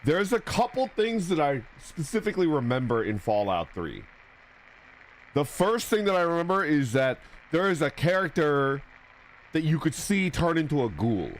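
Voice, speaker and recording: A man's voice: a little high, sing-song, normal speed. A young man streaming a video game, chatting in a rambling, jokey way. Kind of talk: casual gaming commentary.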